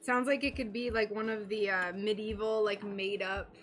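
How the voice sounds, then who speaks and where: A woman's voice: mid-range voice, fairly even intonation, moderate pace, fairly bright tone, faint music behind. A young woman from North Carolina, chatting casually and rambling while she works on a livestream, giggly and a little self-conscious. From North Carolina, USA. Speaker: stained glass livestreamer. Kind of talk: casual chat while working.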